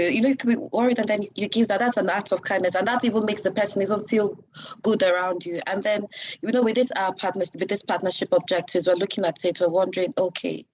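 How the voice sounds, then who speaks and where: A woman's voice: medium pitch, breathy edge, no room sound, lo-fi sound. A young woman, a student union president, chatting casually in a live discussion and telling stories with laughs. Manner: chatty, animated storytelling with laughs.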